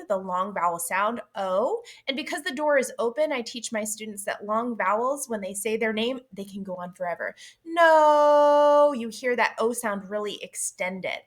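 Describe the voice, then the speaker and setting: A woman explaining reading lessons to teachers, speaking clearly and deliberately and stretching out vowel sounds as examples. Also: a little high, sharp tone. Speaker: literacy teacher. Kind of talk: instructional explainer.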